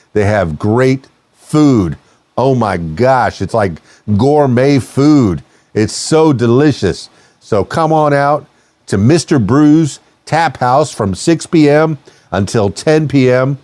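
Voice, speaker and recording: A man's voice: medium pitch, a little mellow, no room sound. A man hosting his podcast as a DJ, talking in an upbeat, jokey emcee patter from a radio studio. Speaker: podcast host and DJ. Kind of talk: upbeat promo chat.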